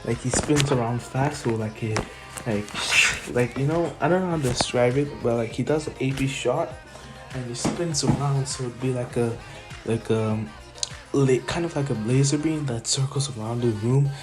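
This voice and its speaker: A man's voice: mid-range voice, moderate pace, over loud music. A man casually retelling an improvised fan story, rambling with many restarts and chuckles.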